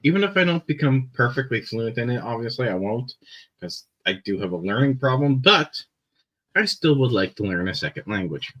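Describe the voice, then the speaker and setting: A young Canadian man with a Canadian accent chatting casually on a live stream, rambling with many fillers and pauses. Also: mid-range voice, big pitch swings, fairly bright tone, dull audio.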